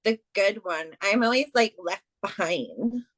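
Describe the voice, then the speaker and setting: A woman's voice: mid-range voice, expressive, unhurried, fairly bright tone, dry recording. A woman briefly voicing a jealous, resentful mother who feels overlooked, in a whiny, self-pitying tone.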